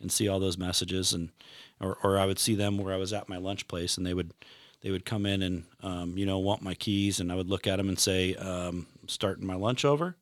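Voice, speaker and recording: A middle-aged man with a lowish voice tells long work stories in a loose, rambling way, stopping and restarting around fillers. The sound is close and dry, with no room around it. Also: completely flat delivery, fairly quick, dry recording. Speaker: retired delivery driver. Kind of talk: casual podcast chat.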